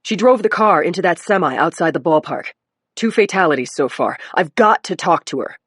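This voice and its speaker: A woman voicing a steady, firm male detective. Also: on the low side, husky, no room sound, studio quality. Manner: firm, measured, persistent.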